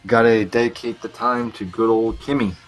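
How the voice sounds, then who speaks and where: A man's voice: medium pitch, steady tone, unhurried, soft background music. A young Canadian man with a Boston-like East Coast tinge, chatting crudely and rambling with frequent laughs on a livestream. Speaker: livestream co-host. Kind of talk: casual chat.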